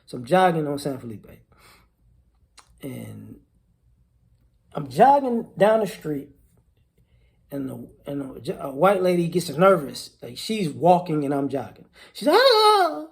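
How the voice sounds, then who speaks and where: A man's voice: a little high, sing-song, a little slow, gravelly, pauses often, a little mellow. A man delivering an indignant casual monologue, repeating words as he builds his point. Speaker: commentator.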